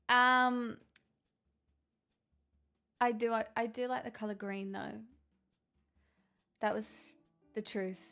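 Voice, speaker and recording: A woman live streamer chatting casually and rambling in a deliberately bad put-on Irish accent, joking and swearing as she talks to chat. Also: a little high, gravelly, fairly bright tone.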